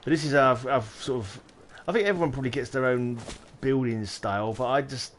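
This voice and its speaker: A man's voice: mid-range voice, brisk, a little hiss or hum. A man, chatting casually on a game livestream and muttering to himself while he builds. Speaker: game streamer.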